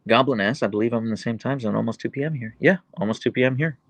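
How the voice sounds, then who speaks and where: A man's voice: medium pitch, very fast, dry recording, low-quality recording. A man hosting a casual livestream, chatting easily as he reads out and answers viewer comments about his dogs. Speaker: livestream host and dog owner.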